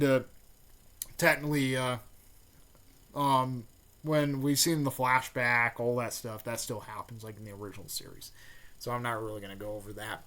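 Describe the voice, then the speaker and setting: A man casually recapping a fan-made story, rambling with lots of fillers and restarts, and with excited bursts on the action beats. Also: mid-range voice, smooth.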